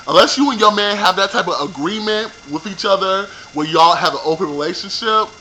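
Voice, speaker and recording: A man recapping a reality TV episode for his viewers in a profane, animated rant, talking straight to them. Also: high-pitched, a little hiss or hum, rough recording. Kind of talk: ranting show recap.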